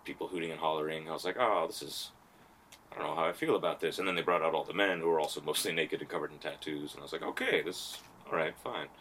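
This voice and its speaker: A man's voice: a bass voice, level tone, very fast, few pauses, fairly bright tone, a little hiss or hum. A man hosting a podcast, telling rambling stories in casual chat and laughing often. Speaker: podcast host.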